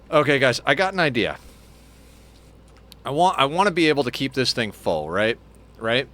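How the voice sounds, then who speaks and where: A man giving casual let's play commentary, chatty and thinking aloud, now and then cooing softly to a pet. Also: medium pitch, sing-song, moderate pace, long pauses. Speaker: game streamer.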